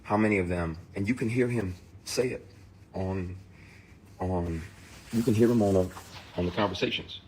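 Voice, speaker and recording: Low-voiced man, emphatic and profane, direct-to-camera rant, faint background hiss. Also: normal speed, pauses often. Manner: emphatic, profane, heated storytelling. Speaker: actor.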